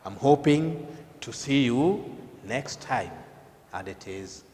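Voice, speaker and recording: Slow, emphatic man teaching in a reverberant room. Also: mid-range voice, expressive, darkish tone, a little hiss or hum. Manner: slow, deliberate, emphatic delivery. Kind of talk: televised classroom lesson. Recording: long hall reverb.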